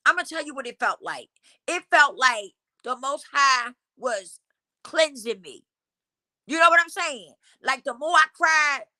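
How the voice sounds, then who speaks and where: A middle-aged woman talks slowly and loosely on her livestream, drifting into preachy encouragement and bits of half-remembered song. Her voice is bright and forward. The sound is dry and close, with no room around it. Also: fairly high pitch, dry recording. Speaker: livestream host. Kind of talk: casual livestream chat.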